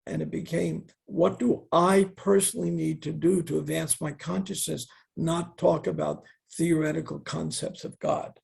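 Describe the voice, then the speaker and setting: A man's voice: a little high, little pitch movement, normal speed, gravelly, few pauses, darkish tone, husky. An older man telling stories as an interview guest, earnest and reflective, with wry asides. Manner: earnest, wry asides, quotes others in a raised voice. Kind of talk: reflective storytelling.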